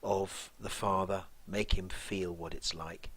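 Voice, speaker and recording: A man teaching, walking through a play line by line in a thoughtful, musing way, often pausing and restarting. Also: sits low, fairly even intonation, fairly bright tone, husky.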